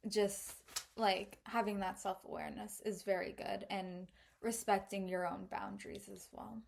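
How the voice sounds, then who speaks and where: A woman's voice: medium pitch, flat delivery, moderate pace, gravelly. A young woman co-hosting a casual podcast chat, reflective and a little hesitant, with lots of fillers. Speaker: podcast co-host.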